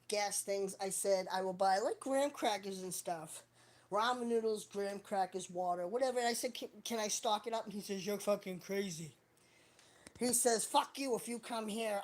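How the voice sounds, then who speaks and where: A woman chatting casually on a livestream, rambling, joking and swearing a lot. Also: mid-range voice. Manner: profane, rambling, jokey. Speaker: live streamer.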